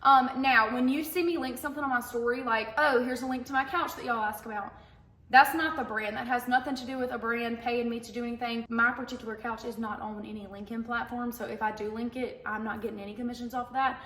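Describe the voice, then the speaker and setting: A woman's voice: on the high side, fairly even intonation, a bit bright, roomy sound. A young woman, a content creator and stay-at-home mom, answering viewer questions in a chatty, candid way to camera. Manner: chatty, candid, quick-talking. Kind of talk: casual Q and A talk to camera.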